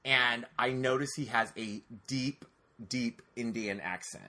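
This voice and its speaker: Man, podcast storyteller, bright voice, animated, salty language, casual chat. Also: mid-range voice, a little slow. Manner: animated, profane, addresses listeners as y'all. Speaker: podcast co-host telling a story.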